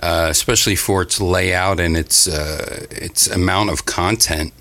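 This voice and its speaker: A man co-hosting a casual gaming podcast, animated and jokey, often laughing. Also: low-pitched, a little slow. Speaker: podcast co-host. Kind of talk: casual chat.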